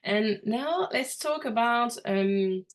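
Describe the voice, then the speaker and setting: A woman hosting a podcast, giving short encouraging replies and asking calm questions in English. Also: a little high, takes it slowly. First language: French. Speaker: podcast host. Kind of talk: casual interview chat.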